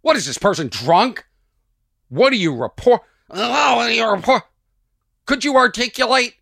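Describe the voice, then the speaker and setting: Comic podcast host, male, high-pitched and lively, bright dry tone, early-morning rant. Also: moderate pace, vocal fry, no echo. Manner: animated, sarcastic, mock-exasperated. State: sleepy but energized early morning. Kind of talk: solo comedy podcast rant. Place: at home early morning, birds outside.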